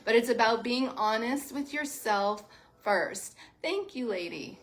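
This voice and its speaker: A woman who teaches sound healing and yoga, giving a soft, heartfelt livestream talk to her viewers. She sounds close to tears. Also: fairly high pitch, animated, unhurried. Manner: soft, emotional, heartfelt, addresses viewers as "you guys". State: near tears.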